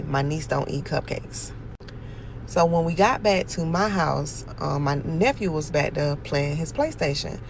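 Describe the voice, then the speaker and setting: A woman telling a story about her niece and nephew in a casual vlog, animated and exasperated, with sudden loud outbursts. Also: sits low, vocal fry, a little hiss or hum, rough recording. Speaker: aunt telling a family story.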